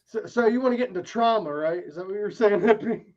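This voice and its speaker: A man's voice: sits high, fast, darkish tone, lo-fi sound. A man in casual banter on a podcast, teasing and laughing often.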